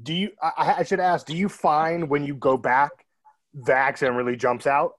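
A man's voice: a little high, fairly even intonation, moderate pace. A man hosting a video panel, upbeat and joking with guests. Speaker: host.

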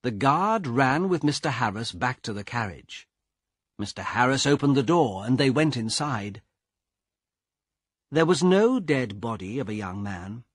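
A man narrating a storybook for learners in a slow, clear, expressive reading. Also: medium pitch, no room sound, studio quality. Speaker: audiobook narrator.

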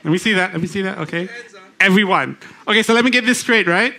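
A man delivering a church sermon in a slightly high voice. He talks to the congregation with questions and halting restarts. He reads scripture aloud slowly. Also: gravelly, pushed and bright. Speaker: lay preacher.

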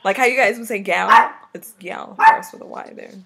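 A woman co-hosting a home vlog, casually teaching words, often laughing and slowly repeating words to coach. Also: on the high side, huge pitch swings, gravelly, heavy background noise.

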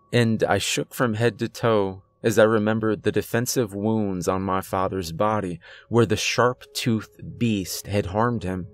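A man narrating a horror story in a measured storytelling manner. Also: on the low side.

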